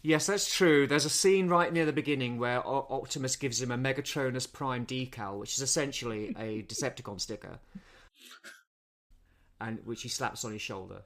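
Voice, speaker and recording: A man co-hosting a casual film-review podcast, walking through the plot at length. He repeats words and restarts often as he goes, at a mid-range pitch. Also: normal speed, a bit bright. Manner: rambling recap, many repeated words. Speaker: podcast co-host.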